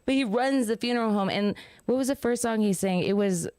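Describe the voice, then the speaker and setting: Smooth-voiced woman telling a funny story. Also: on the high side, brisk, no echo. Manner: animated, laughs often while telling a story. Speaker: podcast host. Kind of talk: casual storytelling chat.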